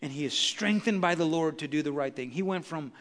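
A man's voice: a little high, brisk, a bit bright, big-room sound. A man preaching a sermon as pastor to his congregation, building intensity and acting out quotes. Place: church sanctuary.

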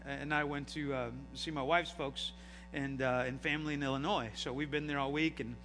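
A middle-aged man preaching a sermon as pastor, animated and full of rhetorical questions. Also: a little high, normal speed, faint music behind. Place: church sanctuary. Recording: hall reverb, faint noise.

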